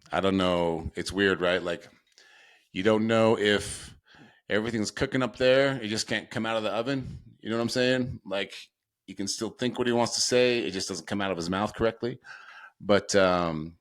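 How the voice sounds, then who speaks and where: Podcast host: middle-aged man, low voice, loose rambling delivery, laughs between lines. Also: fairly bright tone. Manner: rambling, laughs often, lots of fillers. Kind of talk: casual storytelling.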